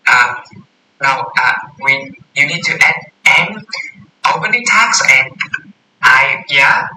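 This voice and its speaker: Man, coding tutor, slow halting delivery, repeats and self-corrects, roomy echo. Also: mid-range voice, expressive, bright, forceful tone. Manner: halting, repeats and corrects words while thinking aloud. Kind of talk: casual screen-share coding walkthrough. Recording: roomy echo with faint hiss.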